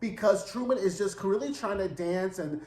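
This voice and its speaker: A man's voice: high voice, normal speed, darkish tone, roomy sound. A man casually recapping and reviewing a TV episode, chatty and slangy, often asking "right?". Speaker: TV review host.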